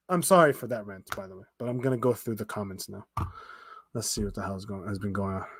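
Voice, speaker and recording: A young man hosting a football watchalong stream, ranting in exasperation with swearing, restarts and fast bursts of complaint. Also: on the low side, fairly bright tone, husky, dry recording, studio quality. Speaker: fan commentator reacting to a live match. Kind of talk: livestream watchalong rant.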